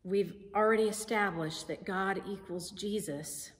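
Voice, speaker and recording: A woman pastor preaching a sermon in a slow, deliberate, emphatic way. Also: mid-range voice. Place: church sanctuary. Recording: sanctuary with long reverb.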